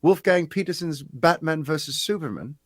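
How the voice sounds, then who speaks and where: A man reading a listener question aloud in an attempted British accent, a halting, half-serious mimicry. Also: fairly high pitch, animated, dry recording. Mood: mock-formal.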